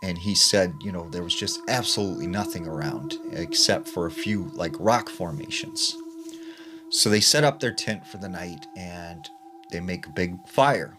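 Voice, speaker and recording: A man's voice: sits low, lively intonation, moderate pace. A man casually narrating eerie stories, chatty and loose, with a lot of "like" and "you know". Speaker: storyteller. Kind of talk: casual spooky story narration. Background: background music.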